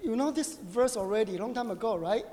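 A middle-aged man preaching a conversational sermon, animated and joking, often asking his listeners "right?". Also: very high-pitched, brisk. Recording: long reverb of a hall.

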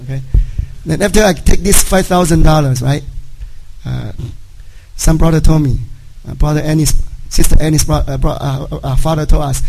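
A middle-aged man, a native Chinese speaker, giving a personal testimony to a congregation in halting speech, often checking in with "right?". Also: fairly high pitch, fairly even intonation, gravelly, background noise. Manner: halting, frequent "right?" tag questions. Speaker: church member giving a testimony.

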